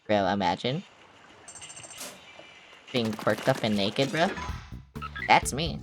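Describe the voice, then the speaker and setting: A woman's voice: rumbling low, expressive, slow. A young woman streaming a game, chatting casually, swearing and reacting dramatically as she rambles. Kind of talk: casual gaming livestream chat. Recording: music playing over the voice.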